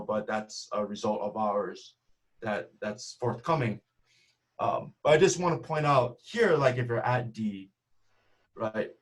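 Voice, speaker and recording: A man giving a math seminar talk over a video call, explaining step by step and often checking in with "right?". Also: mid-range voice. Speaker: math speaker.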